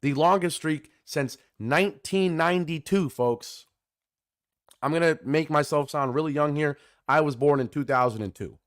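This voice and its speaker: Young male sports podcast host, lively and chatty, often corrects himself, dry close sound. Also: on the high side, moderate pace, dry recording. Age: 20s. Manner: energetic, chatty, often addresses listeners as folks; restarts and corrects himself mid-sentence. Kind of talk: solo sports podcast commentary.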